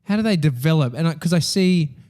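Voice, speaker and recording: A man's voice: fairly high pitch, fairly quick. An Australian man in his thirties, a podcast host telling stories in casual chat, swearing freely. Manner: swears a lot, animated storytelling.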